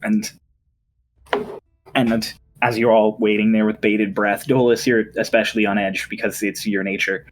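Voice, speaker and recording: A man narrating as dungeon master, relaxed and chatty, with fillers. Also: fairly low pitch, normal speed. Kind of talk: narrating a tabletop game.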